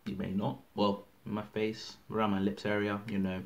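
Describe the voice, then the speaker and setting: A man's voice: lowish voice, level tone, moderate pace, creaky. An eighteen-year-old man chatting casually to camera, rambling and full of fillers. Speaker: vlogger. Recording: music playing loudly behind.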